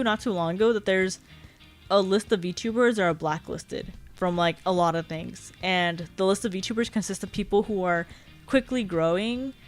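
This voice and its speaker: Chatty giggly young woman streamer. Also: medium pitch. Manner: chatty, rambling, giggly, apologetic. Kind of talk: casual chat.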